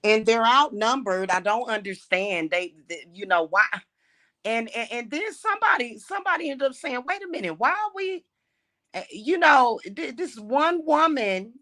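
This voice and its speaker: A woman livestream host rants heatedly in a sharp, expressive voice on the high side at normal speed. She curses often, repeats words when she gets worked up and calls her viewers y'all.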